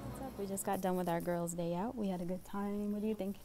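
A woman's voice: mid-range voice, steady tone, fast talker, poor audio. A woman vlogging with her daughter, chatting casually and giggling often. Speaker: vlogger and mother. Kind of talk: casual vlog chat. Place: restaurant, then a mall coffee shop.

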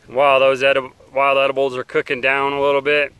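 Give me a relaxed man hosting an outdoor cooking vlog, with a smooth, resonant voice. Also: medium pitch, fairly quick. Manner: relaxed, rambling, talks while chewing. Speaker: outdoor survival channel host. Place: outdoors by a campfire.

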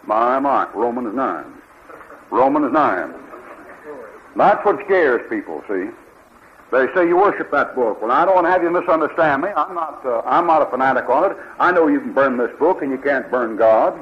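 A man's voice: medium pitch, expressive, moderate pace, slight background noise. A man preaching a fiery Bible sermon, firing rhetorical questions and mocking the people he quotes. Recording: lo-fi archival sermon tape.

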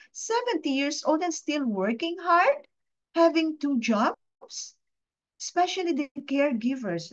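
A woman gives a heartfelt testimony to a training audience, earnest and confiding, stopping often to put questions to her listeners. Her voice sits at a middling pitch, and the recording sounds a little dull and lo-fi. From Philippines. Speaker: guest speaker at a training session. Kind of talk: personal testimony talk.

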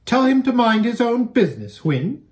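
A man voicing a proud, sharp-tongued noble girl who talks in a snappish, scornful way. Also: on the high side, big pitch swings, moderate pace. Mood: haughty.

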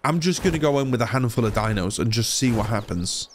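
A man's voice: mid-range voice, expressive, fast, slight background noise. A man from England giving casual, rambling commentary while playing a video game, swearing now and then. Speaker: gaming YouTuber.

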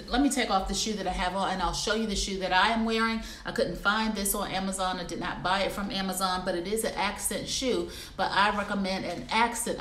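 A woman's voice: medium pitch, fairly bright tone, reverberant, slight background noise. A woman hosting a livestream, reviewing clothes in a chatty, casual way and calling viewers y'all. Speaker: livestream shopping host. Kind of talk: casual live product review. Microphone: phone or computer livestream.

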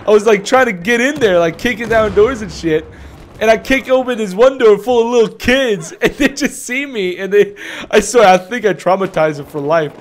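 High-voiced young man, rambling and profane. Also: normal speed, a little hiss or hum. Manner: rambling, profane, laughing storytelling. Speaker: video uploader and player. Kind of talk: casual gaming chat. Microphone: home desk mic, audio only.

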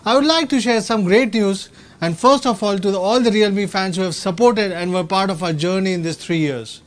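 A man's voice: high voice, normal speed. A man giving a proud, rallying scripted keynote as a company executive at a product launch. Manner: proud, rallying, slightly stilted phrasing.

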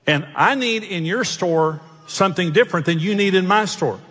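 A man's voice: fairly high pitch, lively intonation, moderate pace, hardly any pauses, a bit bright, slightly rough. A male pastor preaching a sermon, telling jokes and self-mocking stories. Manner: joking, self-mocking storyteller. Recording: long hall reverb.

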